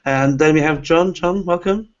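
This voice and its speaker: A man's voice: on the high side, normal speed. A man hosting a live online webinar for teachers, introducing guests with many hesitant "uh" fillers. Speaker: host. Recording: lo-fi online call audio.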